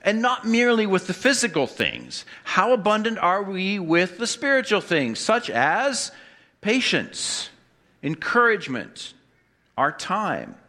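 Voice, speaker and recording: Man, pastor, sermon, bright voice, slightly high pitch, asks the congregation questions, wry humor. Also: very animated, unhurried.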